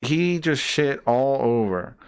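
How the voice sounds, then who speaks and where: A man with a smooth, resonant voice tears into his target in an exasperated, profane rant. He loops back, restarts lines and piles on repeats as he gets worked up, and his pitch sits in a middling range for a man. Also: expressive, slow. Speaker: streamer reacting to a debate clip. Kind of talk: heated reaction commentary.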